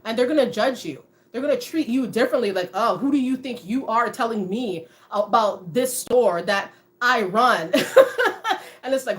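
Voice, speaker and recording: A woman talking casually to her viewers on a livestream, chatty and animated, often laughing and dropping in "you know.". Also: high-pitched. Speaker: motivational vlogger.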